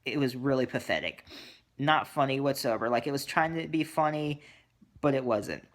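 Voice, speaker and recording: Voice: mid-range voice, moderate pace. A reviewer casually recapping a horror movie, dismissive and sarcastic, with many ums and uhs.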